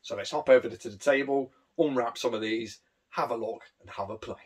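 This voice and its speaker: A man's voice: medium pitch, a little fast, slightly rough. A man hosting a gaming channel, chatting and joking casually as he unboxes and plays games, with sudden exclamations. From England. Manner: chatty and jokey, exclaims while playing. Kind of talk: casual gameplay commentary.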